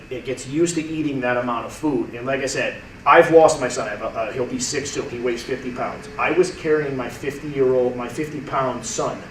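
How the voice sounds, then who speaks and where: A man in his thirties talking casually to a group, repeating and restarting words as he goes. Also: mid-range voice. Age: 30s. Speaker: testimonial speaker. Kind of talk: casual testimonial talk to a group. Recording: roomy, from far off, faint noise.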